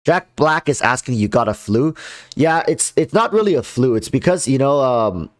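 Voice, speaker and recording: A man's voice: mid-range voice, expressive, moderate pace. Male livestreamer, congested and nasal, loose chatty delivery. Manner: chatty, often restarts his sentences. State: congested sinuses. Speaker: game streamer. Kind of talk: casual livestream commentary.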